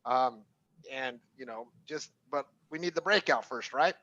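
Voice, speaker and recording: A man's voice: medium pitch, unhurried, no room sound. A man, a trading coach, giving loose, rambling market commentary. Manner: relaxed, rambling, laughs easily. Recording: dry lo-fi sound.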